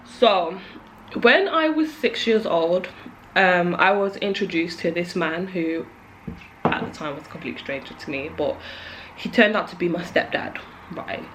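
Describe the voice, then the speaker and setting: Doing her makeup on camera, a young woman talks casually but nervously, jittery and near tears, trailing off and filling her speech with "likes" and restarts. This beauty vlogger has a lowish, animated, slightly bright voice and takes her time. The poor recording carries a little hiss or hum.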